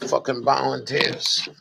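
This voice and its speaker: A man vlogging in rambling casual talk, grumbling and cursing, then muttering gently to his dog. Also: medium pitch, creaky, background noise.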